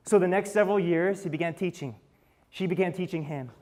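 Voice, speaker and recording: Guy giving a stage talk, kinda higher voice, earnest storyteller, big echoey hall. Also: a little fast, a little mellow. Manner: earnest, talks to the audience with rhetorical questions. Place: stage before an audience.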